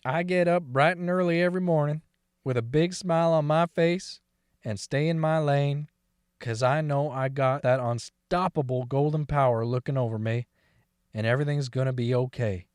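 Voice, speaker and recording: Gruff, stubborn old farmer, read by a man, cursing and rambling in a folksy storytelling monologue. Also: a little high, normal speed, darkish tone, no echo, studio quality, lightly acted. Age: older. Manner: folksy, rambling, heavy cursing, keeps saying "boy". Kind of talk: dramatic monologue reading.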